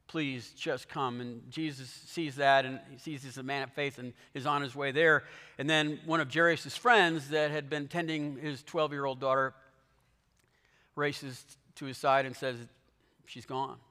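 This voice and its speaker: Preacher with a bright, forceful, slightly high voice; dramatic storyteller; long hall reverb. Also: male voice, normal speed, smooth. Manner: animated storytelling, dramatic shifts in volume. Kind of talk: sermon.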